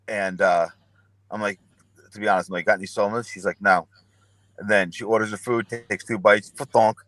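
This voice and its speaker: A man's voice: lowish voice, fairly bright tone, dry recording. A young man telling rambling, profane stories and acting out what people said. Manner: profane, rambling anecdotes with acted-out quotes. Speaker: podcast guest. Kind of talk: casual storytelling.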